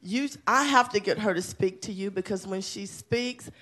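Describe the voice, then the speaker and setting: A woman's voice: medium pitch, normal speed, fairly bright tone. Enthusiastic woman principal presenting awards. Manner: enthusiastic, chatty, laughing often. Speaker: elementary school principal. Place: city council chamber.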